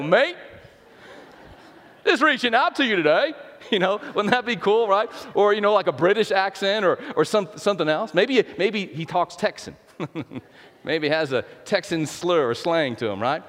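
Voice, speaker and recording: A man preaching a sermon in a church, in a conversational style with many restarts and playful asides. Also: sits high. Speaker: pastor. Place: church sanctuary. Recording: long reverb in a large hall.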